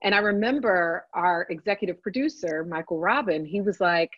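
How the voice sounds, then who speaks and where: A woman telling a lively story in casual chat, swearing freely and adding chatty asides. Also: on the low side, normal speed, few pauses, no room sound, lo-fi sound. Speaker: podcast guest, works on a TV set.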